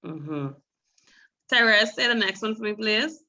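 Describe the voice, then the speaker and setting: A woman's voice: mid-range voice, expressive, a little slow, sharp tone, muffled recording. A woman teaching a beginner Spanish class, explaining patiently step by step and calling on students.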